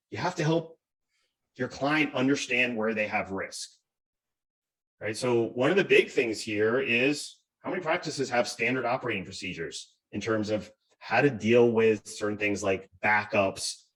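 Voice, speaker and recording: A man's voice: medium pitch, recorded from a distance, low-quality recording. A man presenting as a cybersecurity expert on a video call, explaining step by step and often asking "right?". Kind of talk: webinar presentation.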